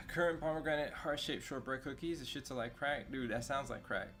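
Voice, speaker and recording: Chatting casually while streaming a game, a man talks at normal speed in a mid-range, slightly bright voice. His talk is loose and rambling, heavy on fillers and slang, with faint music underneath.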